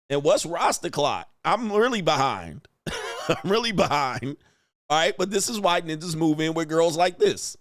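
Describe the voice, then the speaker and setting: A man's voice: on the high side, lively intonation, moderate pace, fairly bright tone, no room sound. Laughing man joking in a dry room. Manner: laughing, joking, loose slangy talk. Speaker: host reacting to videos. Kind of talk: casual reaction commentary.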